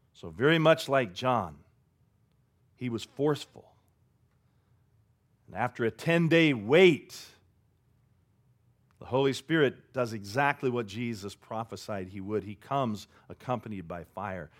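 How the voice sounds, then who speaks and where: A man preaching a sermon, swinging between loud declarations and hushed asides. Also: fairly high pitch. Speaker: pastor.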